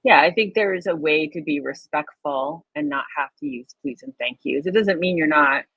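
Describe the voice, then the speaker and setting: Woman, livestream co-host, casual chat, husky, dry tinny sound. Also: low voice, expressive, moderate pace, a bit bright, no room sound. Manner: chatty, laughs often, many fillers.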